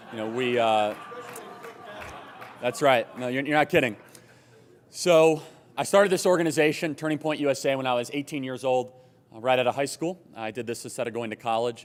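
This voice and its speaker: A young man from Chicago giving an animated, joking and emphatic political speech at a conference. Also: medium pitch. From Chicago, USA. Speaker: conference speaker. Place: large hotel conference hall. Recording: long hall reverb.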